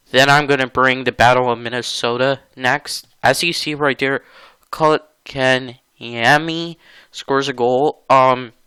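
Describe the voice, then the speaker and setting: Casual gaming host, male, bright and crisp voice, slow, laid-back delivery, chatty with frequent laughs. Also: medium pitch, no echo, poor audio. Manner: chatty, laughs often, gets exasperated. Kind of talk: casual gameplay commentary.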